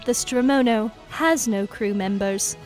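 A woman voicing a calm female AI station computer, speaking in a flat, robotic way during a video game playthrough. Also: a little high, a little slow, soft background music, close to an everyday voice. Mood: flat, measured.

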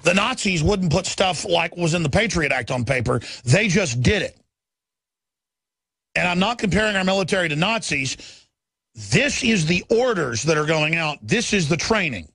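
A male talk radio host in a furious political rant, shouting scornful tirades. His voice sits high and gravelly, with a sharp, forceful edge. The sound is dry and close. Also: lively intonation, moderate pace, dry recording. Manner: repetitive hammering delivery.

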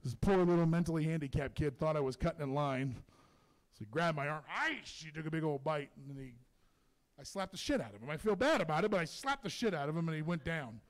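A man performing a stand-up comedy set in a comedy club, telling stories in an animated, profane way. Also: fairly high pitch, quick pace.

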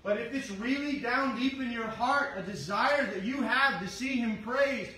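A middle-aged man preaching a sermon as pastor, fervently shouting his exhortations to the congregation. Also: very high voice, moderate pace, hardly any pauses. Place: church sanctuary. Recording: echoey sanctuary from far off with faint hum.

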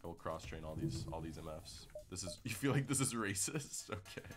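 Joking male game streamer, lively pitch. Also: a little fast, faint music behind. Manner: loose, joking, chatty with viewers, slangy. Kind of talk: casual live gameplay commentary.

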